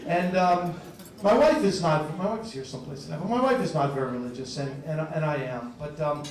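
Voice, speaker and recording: A man's voice: fairly high pitch, fairly quick. Stammering man in his fifties doing stand-up. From New Jersey. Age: 50s. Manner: stammering, restarting, self-deprecating deadpan punchlines. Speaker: stand-up comedian. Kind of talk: stand-up comedy set. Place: comedy club stage. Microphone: stage mic in a club. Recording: echoey club recording from far off, crowd noise. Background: audience laughter.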